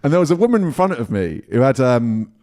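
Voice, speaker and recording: A man's voice: medium pitch, fairly quick. A man hosting a casual podcast chat, telling stories in a joking, swearing manner. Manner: jokey, lively storyteller who swears casually. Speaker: podcast host.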